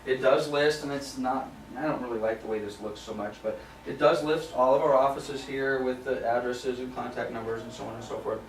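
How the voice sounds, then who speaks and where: A man's voice: mid-range voice, fairly even intonation, fairly quick, hardly any pauses, far from the mic, slight background noise. A man presenting a property management training class in a casual, conversational way, often checking in with "okay?". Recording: roomy sound from off mic.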